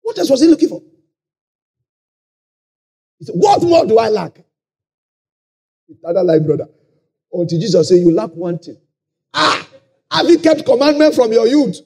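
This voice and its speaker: Nigerian male pastor, very high husky voice, shouts and sings his points. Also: big pitch swings, moderate pace, pauses often. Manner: preaching with shouted, sing-song emphasis and playful asides. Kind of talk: sermon. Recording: live conference hall.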